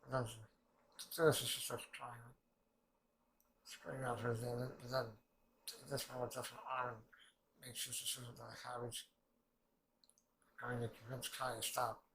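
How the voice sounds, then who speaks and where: A man's voice: mid-range voice, a little slow, gravelly, pauses often, low-quality recording. A man giving loose, rambling commentary as he reacts to an anime episode, swearing often and jumping between thoughts. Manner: rambling, excitable, swears a lot. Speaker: reaction channel host.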